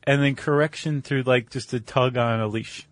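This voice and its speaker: A man's voice: mid-range voice, steady tone, normal speed, no room sound. Conversational man with dry studio sound. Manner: conversational, wry and explanatory, with fillers. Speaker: podcast co-host. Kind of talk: casual chat.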